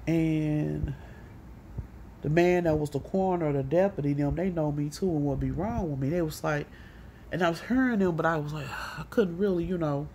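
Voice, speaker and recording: Animated, profane woman telling a story. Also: deep voice, slight background noise. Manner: animated, profane, rambling, acting out others' lines. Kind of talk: casual storytelling monologue.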